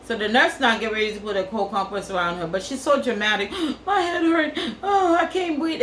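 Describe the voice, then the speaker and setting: A woman's voice: medium pitch, a bit bright, echoey room, slight background noise, low-quality recording. A woman from Africa, telling a crude story in a casual vlog and repeating phrases for effect. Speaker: vlogger.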